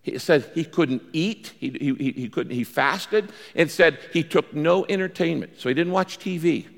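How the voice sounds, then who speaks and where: A man preaching a sermon as the pastor, animated and acting out the voices in the story he tells. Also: normal speed, vocal fry. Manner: animated preacher, acts out quoted lines with big pitch jumps. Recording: long reverb of a large hall.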